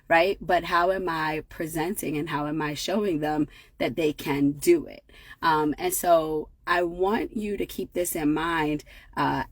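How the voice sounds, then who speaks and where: In her thirties, this parenting educator speaks in a low voice with no room sound around it. She encourages parents in a conversational style, using many fillers and tag questions, often asking "right?"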